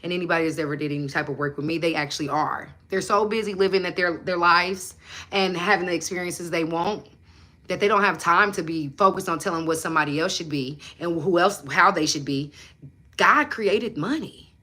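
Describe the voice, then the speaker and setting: A young woman, speaking in a bright, forceful voice that sits a little low in pitch. She talks bluntly and preachily, swearing freely and hammering home her points as she chats with viewers on a livestream. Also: a little fast. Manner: blunt, profane, preachy and emphatic. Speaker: manifestation coach and livestream host. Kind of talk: casual livestream chat with viewers.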